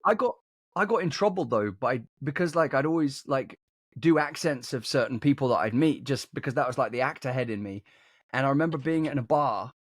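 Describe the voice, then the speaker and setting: A man's voice: mid-range voice, lively intonation, a little fast, no room sound, clean studio sound. A man hosting a podcast in casual chat, chatty and laughing along with the others.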